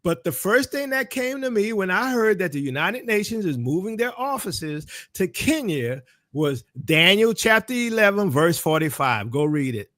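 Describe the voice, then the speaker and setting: A man's voice: sits high, big pitch swings, normal speed, fairly bright tone, dry recording, clean studio sound. A man with a New Orleans accent giving religious commentary, preaching style, speaking straight to his audience. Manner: preacherly, calls on the audience directly. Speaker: ministry teacher.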